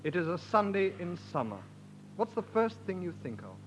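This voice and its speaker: A man's voice: high-pitched, big pitch swings, normal speed, a little hiss or hum, rough recording. A man in a radio comedy sketch show, teasing and setting up scenes. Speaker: comedy performer.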